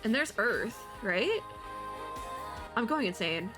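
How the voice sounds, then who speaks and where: A woman giving casual, excitable reaction commentary as a VTuber, chatty and gushing. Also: fairly high pitch, slow pace. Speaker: VTuber reacting to an animated short. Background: faint music from the video.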